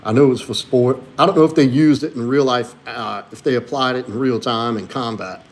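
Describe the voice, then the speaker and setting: A man, hosting a casual live stream and answering viewers' questions as he reads chat. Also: brisk. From Louisiana. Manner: answers chat questions, talks to his dog in a high sweet voice. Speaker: livestream host and coach.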